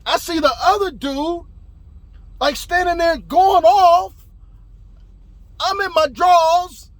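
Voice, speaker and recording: High-voiced man telling a wild story. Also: slow, no echo. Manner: animated, swearing, rising to shouts. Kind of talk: casual spoken storytelling.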